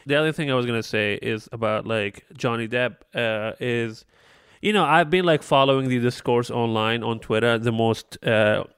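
A man chatting casually with friends, animated and sarcastic, often acting out what people say. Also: medium pitch, normal speed, clean tone, dry recording, clean studio sound. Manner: animated, sarcastic, mimics voices in quotes. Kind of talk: casual chat.

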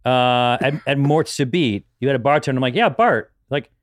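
A man's voice: medium pitch, moderate pace, no echo, studio quality. A man guest on a podcast, chatting casually and amused, often restarting his sentences. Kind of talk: casual chat.

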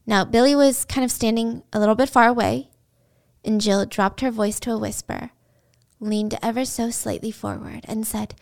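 A woman's voice: on the high side, normal speed, gravelly. A woman retelling a true-crime story in a casual, dramatic way, with chatty asides to the listener.

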